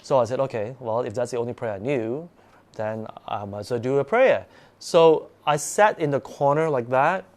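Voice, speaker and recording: A man's voice: mid-range voice, lively intonation, normal speed, darkish tone. A man hosting a live stream, telling his own ghost stories in a rambling way, full of restarts and sudden bursts of acting out.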